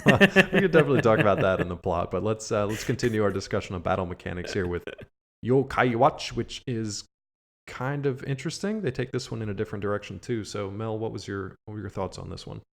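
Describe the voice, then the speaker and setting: Laid-back low-voiced man hosting a podcast. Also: quick pace, gravelly. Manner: relaxed, meandering, lots of "like". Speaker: podcast host. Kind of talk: casual podcast chat.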